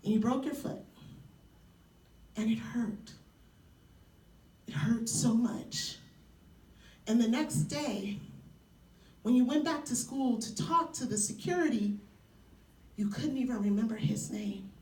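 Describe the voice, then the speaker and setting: Woman doing live spoken word, high voice, swings all over, tender and playful, echoey far-off hall. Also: takes it slowly, pauses often. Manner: tender, playful and animated, laughing often. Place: university event hall, before an audience.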